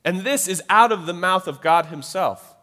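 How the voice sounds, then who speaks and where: A man preaching a sermon in a loose, chatty way, often tossing in quick tag questions to his listeners. His voice sits a little high for a man. It rings out with a long reverb, like a church hall. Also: expressive, bright, forceful tone. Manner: conversational, frequent "right?" tag questions.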